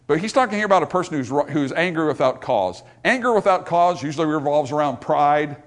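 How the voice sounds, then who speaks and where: A man preaching a sermon as a pastor at a church service, animated and full of joking asides. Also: fairly high pitch, fairly quick.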